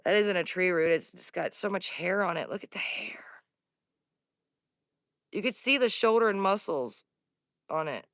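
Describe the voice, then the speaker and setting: A woman vlogging from the woods on her phone, scared and breathing heavily, often dropping to a hushed whisper. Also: fairly low pitch, expressive, normal speed, no room sound, studio quality. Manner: jittery, drops into hushed whispers. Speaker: paranormal vlogger. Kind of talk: live outdoor investigation vlog. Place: woods outdoors.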